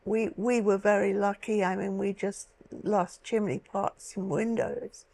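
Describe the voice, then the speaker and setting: A woman in her eighties from London, slowly recalling her childhood in a halting way, often restarting her sentences. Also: mid-range voice, fairly even intonation, vocal fry, a little mellow. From London, England. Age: 80s. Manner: slow, halting recollection with many restarts. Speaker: guest. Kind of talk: personal storytelling.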